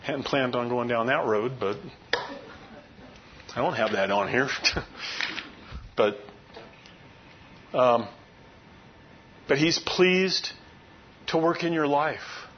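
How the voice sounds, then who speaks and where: A middle-aged man preaches with folksy, earnest warmth, speaking to his flock like he's telling a story over coffee. His voice sits at an ordinary pitch. The recording is dull and muffled, with a faint low rumble underneath. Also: expressive, slow, pauses often. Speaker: pastor. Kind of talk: sermon.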